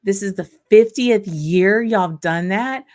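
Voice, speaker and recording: A woman's voice: mid-range voice, unhurried, darkish tone. A woman with a Southern accent, from Arkansas, hosting a casual livestream and chatting in a rambling way, reading viewer comments aloud. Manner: chatty and rambling, with frequent fillers and laughter. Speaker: livestream host.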